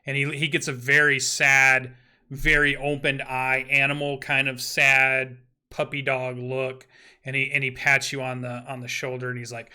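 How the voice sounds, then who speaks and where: Bright-voiced man running a tabletop game. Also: medium pitch, steady tone, smooth. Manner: halting, many ums and restarts. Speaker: game master.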